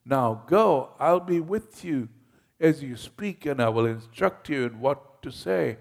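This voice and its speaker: A firm, patient God, voiced by a preacher retelling scripture. He speaks slowly and deliberately, with a gravelly edge. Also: mid-range voice, lively intonation, a little mellow, pitched above the performer's own voice, heavily acted. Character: commanding male God, patient but firm.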